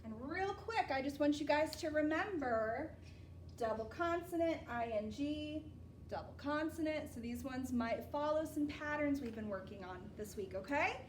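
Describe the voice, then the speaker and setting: A woman teaching children a phonics lesson, patient and steady, checking in often with "okay?". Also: high voice, normal speed, hardly any pauses, reverberant, far from the mic, slight background noise.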